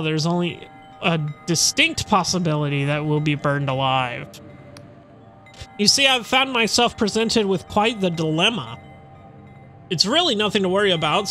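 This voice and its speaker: A man's voice: high voice, unhurried, pushed and bright, soft background music. A man reading out a nervously polite, flustered female village mayor from a game. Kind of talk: reading game dialogue aloud.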